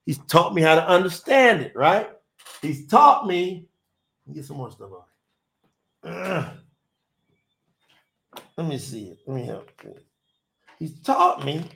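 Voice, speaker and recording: A man's voice: fairly high pitch, a bit bright. A middle-aged man, preaching in an emphatic, repetitive, folksy way during a livestream sermon to online viewers.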